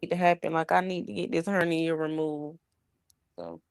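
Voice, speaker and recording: A woman's voice: sits low, steady tone, normal speed, vocal fry, no room sound. A young woman chatting casually on a livestream, greeting viewers and talking about her kids while burping a baby.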